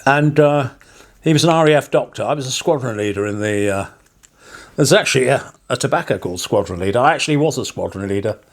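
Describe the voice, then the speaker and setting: An English parson chats casually to his viewers, drifting from one story to the next. His wry asides often end in a chuckle. His voice sits at an ordinary middle pitch. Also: lively intonation, fast. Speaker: parson and vlogger. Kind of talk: casual rambling vlog monologue.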